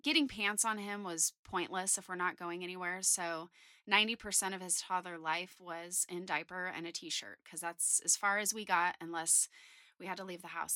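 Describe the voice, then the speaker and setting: A woman in her thirties hosting a faith podcast, telling a personal story in a chatty, candid, animated way. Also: medium pitch, dry recording, clean studio sound. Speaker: podcast host.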